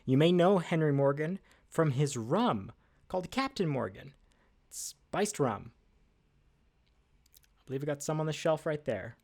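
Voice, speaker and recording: A man's voice: a little high, sing-song, measured pace, vocal fry, pauses often, darkish tone. A man hosting a casual livestream trivia from behind a desk, chatty and upbeat with lots of fillers and self-deprecating asides. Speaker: livestream host. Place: at a desk indoors.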